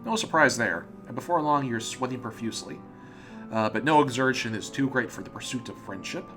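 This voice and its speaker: A man's voice: mid-range voice, lively intonation, a little fast, over music. A man hosting a let's play, reading a visual novel aloud with amused commentary and frequent stumbles. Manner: amused, often laughing and stumbling over words.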